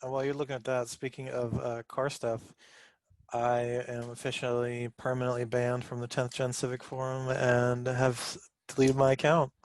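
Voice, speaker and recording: A man's voice: mid-range voice, monotone, normal speed, no echo. A man in his twenties co-hosting a podcast over a video call, speaking in a dry, sarcastic way. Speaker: podcast co-host. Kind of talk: casual chat.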